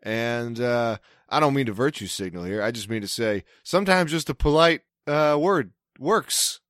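A man's voice: medium pitch, expressive, normal speed, fairly bright tone, dry recording, studio quality. A man from Maryland telling a long story in casual chat, rambling, swearing a lot and breaking off his sentences. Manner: rambling, profane, self-interrupting.

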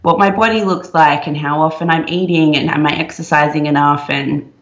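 A young woman co-hosting a podcast, chatting casually and emphatically, talking in quick bursts. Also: low-pitched, fairly even intonation. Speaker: podcast co-host. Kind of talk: casual chat. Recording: muffled, roomy sound.

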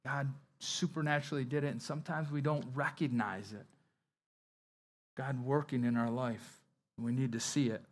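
A man's voice: medium pitch, moderate pace. A male pastor preaching a sermon in a conversational way, acting out the scenes with energy. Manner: conversational, animated when acting out Bible scenes.

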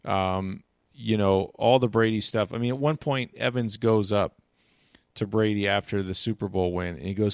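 A man with a lowish voice talks sports in a casual, rambling way. He restarts often and scatters "you know" through his sentences. He retells game moments with animation, and the sound is dry and close. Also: steady tone, moderate pace, clean tone, no room sound. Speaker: sports commentator. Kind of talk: casual chat.

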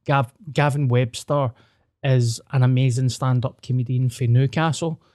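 A man's voice: mid-range voice, steady tone, normal speed, darkish tone, dry recording, clean studio sound. A Scottish man hosting a podcast, chatting in a laid-back, sweary way. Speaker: podcast host and comedian. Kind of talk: casual chat.

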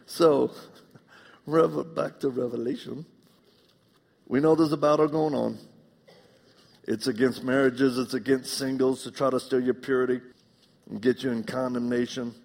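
Gravelly man preaching in a reverberant hall. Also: medium pitch, unhurried, long pauses. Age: middle-aged. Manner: animated, joking, acts out quoted voices. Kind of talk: live sermon with storytelling. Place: church auditorium. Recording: long reverb of a large hall.

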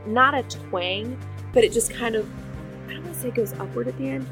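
Rambling woman podcast player, higher voice. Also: brisk, music in the background. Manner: rambling, hesitant. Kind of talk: casual chat.

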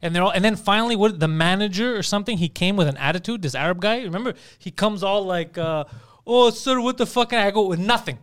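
A man from co-hosting a podcast, telling an animated, profane story and acting out both sides of the argument. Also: sits high, quick pace, hardly any pauses. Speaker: podcast co-host. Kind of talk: casual storytelling chat.

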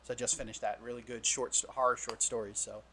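A man with a New Jersey accent talks as a podcast guest at a middle pitch. He sounds easygoing and agreeable and pokes fun at himself. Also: flat delivery, fast talker, pushed and bright. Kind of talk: casual interview chat.

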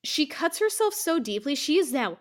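A woman co-hosting a chatty podcast, her voice sitting a little high. She talks in an animated way, slipping into quick impressions of characters as she recaps a story. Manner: animated, acts out characters in quotes. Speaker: podcast co-host. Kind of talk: casual chat.

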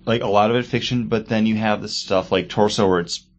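Low-voiced man, casual rambling chat. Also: fairly even intonation, fairly quick. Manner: rambling, lots of "like" fillers. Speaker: podcast co-host. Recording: dull lo-fi sound.

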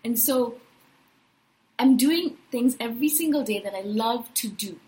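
Upbeat woman in her thirties, slightly high voice. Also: unhurried, low-quality recording. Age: 30s. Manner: enthusiastic, animated, often tags "right?". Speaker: podcast host. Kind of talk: casual personal monologue.

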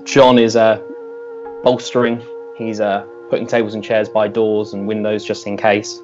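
Male game master, relaxed narration, faint music behind, muffled recording. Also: on the low side, moderate pace. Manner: loose, relaxed narration with fillers.

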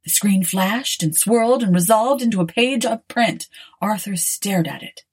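A woman narrating an audiobook in a wry, expressive storytelling manner. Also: mid-range voice, moderate pace, husky.

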